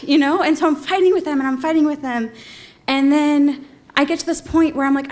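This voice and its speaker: A woman's voice: high-pitched, a little fast. A woman telling a comic, exasperated story on stage at a live storytelling event, swearing freely. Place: theater stage with audience.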